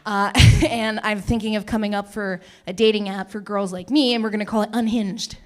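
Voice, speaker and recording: A woman's voice: medium pitch, fairly even intonation, brisk. A young woman from Canada doing a chatty, self-mocking stand-up set at an open mic, laughing at her own jokes. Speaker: stand-up comedian.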